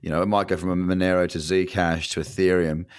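A man's voice: sits low, flat delivery, fairly quick, smooth, dry recording, studio quality. An Australian man hosting a casual interview, asking long rambling questions with many restarts. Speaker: podcast host.

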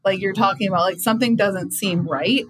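A woman's voice: medium pitch, fairly quick, a bit bright, husky, low-quality recording. A woman, a company co-founder and guest, speaking in a direct, emphatic way in an interview. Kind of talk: conversational interview.

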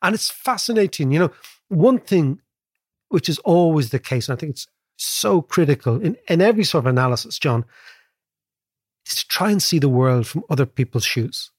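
A man with an Irish accent, co-hosting a podcast in casual chat, telling stories in an animated way and often asking "right?". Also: a little high, slightly rough, no room sound, studio quality. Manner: animated, quick storyteller, keeps asking "right?". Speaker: podcast co-host, economist.

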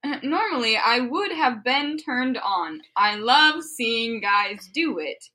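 A young woman co-hosts a comedy podcast and reads a fanfic aloud with sarcastic, sweary asides. Her voice is bright and pitched a little high. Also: animated, slow pace. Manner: sarcastic, swears freely, breaks into laughter. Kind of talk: casual comedic chat and reading aloud.

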